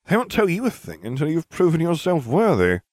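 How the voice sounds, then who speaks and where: Needs: a man playing a scheming boy wizard, condescending, animated delivery. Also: on the high side, a little fast, dry recording, clean studio sound, voice pushed up. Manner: sardonic, condescending.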